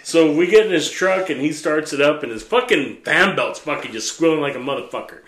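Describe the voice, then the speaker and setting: Animated profane storyteller man, echoey room. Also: a little high, fairly quick. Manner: profane, animated storyteller, laughs through his punchlines. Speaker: podcast host. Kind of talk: casual storytelling chat.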